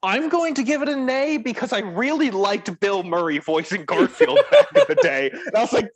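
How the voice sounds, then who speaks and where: A man talking as a guest on a podcast in casual chat, animated and laughing often. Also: very high-pitched, normal speed, few pauses, slightly rough.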